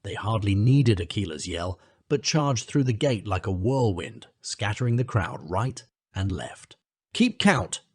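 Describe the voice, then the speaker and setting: A man narrates a classic adventure tale with a husky, slightly breathy voice and a lively, swooping delivery. His voice sits low, and the recording is dry and close, with no room sound. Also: a little slow, dry recording. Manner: lively, shifts pitch to voice the characters. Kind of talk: audiobook reading with voiced characters.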